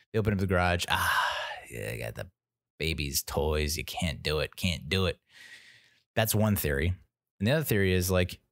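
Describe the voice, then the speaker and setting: A man's voice: on the low side, no echo, clean studio sound. A man hosting a podcast, telling a rambling, profane story in casual monologue and acting out what people said. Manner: rambling storytelling, acts out quoted voices, swears. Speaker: podcast host.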